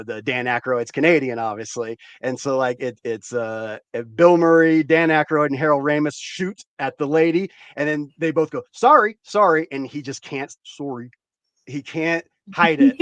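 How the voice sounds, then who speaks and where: A man hosting a casual chat, rambling and joking in an animated way. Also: medium pitch, no room sound. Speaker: host.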